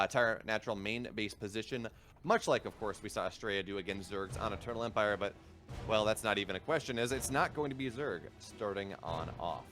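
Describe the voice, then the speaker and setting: A man's voice: fairly low pitch, fairly bright tone. A man casting a live esports match, chatty and enthusiastic in long run-on stretches. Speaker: esports caster. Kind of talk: live game commentary.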